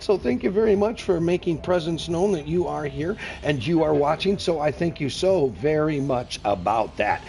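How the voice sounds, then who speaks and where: This older man, who refers to himself as a grandpa, has a fairly high voice with vocal fry, and a little hiss or hum comes through. He chats folksily and earnestly on a gaming stream, rambling and occasionally slipping into radio-announcer style.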